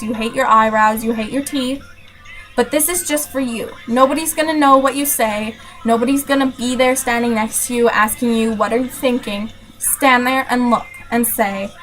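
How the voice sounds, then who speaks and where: A teenage girl speaks straight to camera in an earnest, emphatic pep talk, hammering her points home by repeating them. Her voice sits a little high. Faint music plays quietly under her voice. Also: low-quality recording. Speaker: vlogger. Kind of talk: motivational rant to camera.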